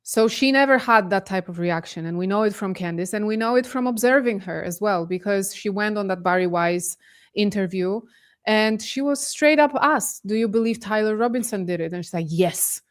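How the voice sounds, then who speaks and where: A woman from Poland, a guest on a casual podcast discussion, talking with animated, incredulous emphasis over a remote call. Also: mid-range voice, fairly quick, clean tone. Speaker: guest commentator.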